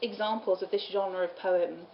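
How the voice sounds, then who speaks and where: This lecturer explains medieval poems at a study day, reading lines aloud and occasionally letting out an easy laugh, in a mid-range voice with fairly even intonation and a moderate pace. The recording from the lecture room sounds roomy and dull, with faint background noise.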